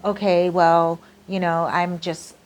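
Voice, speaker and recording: A woman's voice: fairly low pitch, level tone, takes it slowly. A woman quoting a jealous girlfriend in her own voice, suspicious and sulky.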